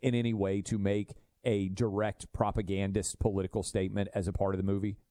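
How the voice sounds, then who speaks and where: A man's voice: on the low side, level tone, a little fast, warm tone, no room sound, clean studio sound. A man hosting a talk show, speaking emphatically and asking his guest leading questions. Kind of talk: radio talk show discussion.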